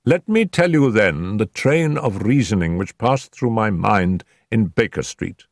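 An older man reading an audiobook, voicing a confident detective who speaks in a crisp, precise manner. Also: on the low side, expressive, unhurried, dry recording, clean studio sound. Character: man playing a brisk, confident male detective.

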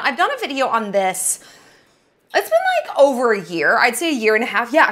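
Woman, thirties, casual vlog talk, blunt and playful, animated, a bit high. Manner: brash, playful, blunt and profane. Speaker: travel vlogger.

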